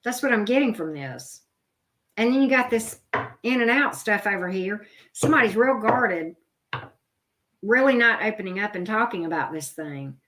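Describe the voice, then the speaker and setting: A woman's voice: mid-range voice, expressive, normal speed, noisy background. A middle-aged woman doing a live tarot reading, chatty and blunt, talking straight to her viewers. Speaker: tarot reader. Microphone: video camera.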